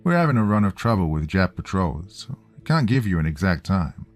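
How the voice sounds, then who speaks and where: A man voicing a cheerful radio operator with an Australian accent, brisk and official. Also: deep voice, big pitch swings. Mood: breezy.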